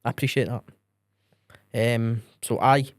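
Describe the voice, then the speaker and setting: A man's voice: medium pitch, fairly even intonation, unhurried, dry recording, clean studio sound. A Scottish man in his twenties co-hosting a podcast, laid-back and laughing often, tagging "mate" onto his sentences. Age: 20s. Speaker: podcast co-host. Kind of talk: casual chat.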